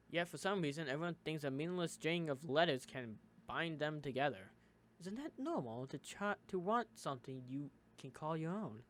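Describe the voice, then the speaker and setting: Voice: mid-range voice, fairly bright tone. An American let's-play host reads a visual novel aloud, taking on each character in turn. Between lines he breaks off for short comments of his own. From United States. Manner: reads dialogue in shifting character voices with quick asides. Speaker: gaming YouTuber.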